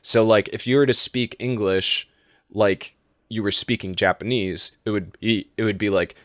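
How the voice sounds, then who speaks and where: Rambling man with a low voice. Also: a little slow, fairly bright tone, no echo, clean studio sound. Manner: rambling, laughs often, many restarts. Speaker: podcast host. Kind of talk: casual chat.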